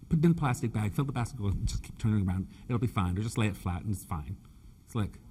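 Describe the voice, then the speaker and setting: A man's voice: mid-range voice, big pitch swings, fairly quick, a little mellow, husky. A man from Scotia, a floral designer giving a chatty, teasing stage demonstration and stuttering a little. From Nova Scotia, Canada. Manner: chatty, teasing, camp humor, calls people honey and dear; stutters a bit. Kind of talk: live stage demonstration talk. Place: main stage at a trade show.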